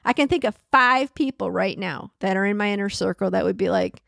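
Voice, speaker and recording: A woman's voice: mid-range voice, a little fast, gravelly, no room sound, studio quality. Woman hosting a reflective solo podcast. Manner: warm conversational, repeats key phrases, laughs often. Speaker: podcast host.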